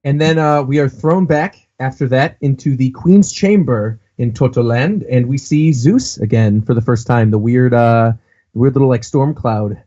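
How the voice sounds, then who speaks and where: A man co-hosting a casual podcast, recapping a comic chapter with animated delivery. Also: normal speed. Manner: animated, acts out character lines in a higher voice. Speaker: podcast co-host. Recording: dull lo-fi podcast audio.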